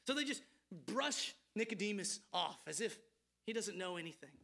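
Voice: medium pitch, sing-song, normal speed, creaky, fairly bright tone. A preacher giving a morning sermon, asking listeners earnest rhetorical questions and lifting the voice when reading scripture aloud.

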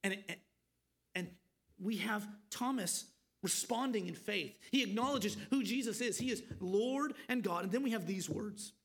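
A man's voice: high voice, normal speed, gravelly, fairly bright tone, breathy edge. A man preaching an expository sermon, earnest and pleading, asking his listeners questions.

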